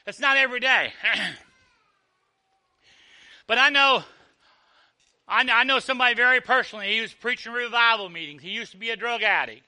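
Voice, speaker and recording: A male preacher delivers a storytelling sermon. His voice sits high for a man and sounds very bright and ringing. He acts out the dialogue and often drops low and soft to drive a point home. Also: a little fast, long pauses.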